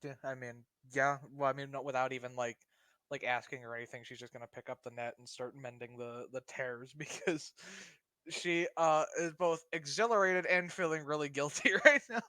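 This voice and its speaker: A man's voice: mid-range voice, normal speed, bright, forceful tone, dry recording. A man playing a tabletop game, talking in a rambling, hesitant way and correcting himself often. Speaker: player. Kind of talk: casual tabletop play.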